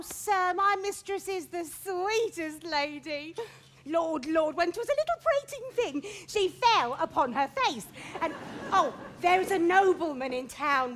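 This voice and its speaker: Fussy, breathless old nurse. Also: female voice, very high-pitched, fairly bright tone. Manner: breathless, complaining, teasing. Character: fussy, long-winded old woman nurse. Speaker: actor. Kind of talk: stage acting in a Shakespeare play. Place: large open-air theatre stage.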